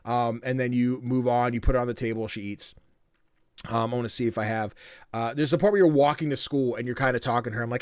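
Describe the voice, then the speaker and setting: A man's voice: medium pitch, fairly even intonation, fast, clear, resonant tone, no room sound, clean studio sound. Rambling man in casual podcast chat. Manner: rambling, full of fillers and acted-out quotes. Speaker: podcast co-host.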